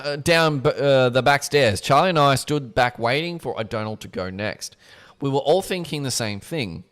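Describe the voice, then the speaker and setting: This man's mid-range voice is a bit bright as he reads a book aloud for a livestream. Now and then he interrupts the reading with casual asides, swearing as he goes.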